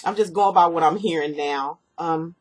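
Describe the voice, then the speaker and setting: A woman reading tarot cards for one client, talking in a rough, breathy voice that sits a little low. She rambles and repeats herself with plenty of ums, and sniffles now and then from allergies. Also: moderate pace. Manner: rambling, earnest, repeats herself, lots of fillers. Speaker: tarot reader. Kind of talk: personal tarot reading to camera.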